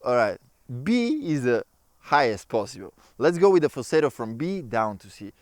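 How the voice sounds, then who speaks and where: Chatty man with a smooth voice. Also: medium pitch, moderate pace, no echo. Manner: relaxed, chatty, non-native phrasing. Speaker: ukulele teacher. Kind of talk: casual tutorial explaining.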